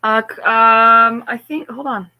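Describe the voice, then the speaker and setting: Giggly hoarse woman, casual chat. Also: fairly high pitch, steady tone, slow, dry recording, phone-quality sound. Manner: giggly, chatty. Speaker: co-host of a live stream.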